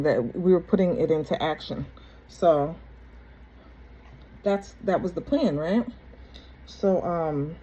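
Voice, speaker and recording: A woman's voice: sits low, warm tone, slight background noise, low-quality recording. A young adult woman telling her own story to her viewers in a loose, rambling way, repeating herself and restarting her sentences. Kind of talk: casual personal storytelling to camera.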